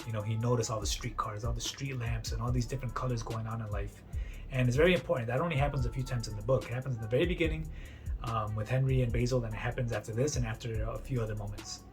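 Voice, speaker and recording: A man's voice: mid-range voice, steady tone, fast, a little mellow. Casual man retelling a story, faint music. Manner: chatty retelling full of "like" and "you know", acts out quotes. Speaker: book summary presenter. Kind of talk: casual spoken book summary.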